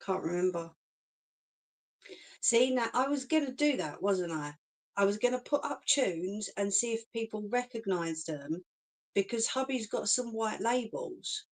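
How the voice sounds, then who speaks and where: A woman's voice: mid-range voice, expressive, a little slow. Chatty woman, laughs often. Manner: chatty and reassuring, laughs often, says "do you know what I mean". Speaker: crafter chatting with live viewers. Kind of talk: casual live-stream chat.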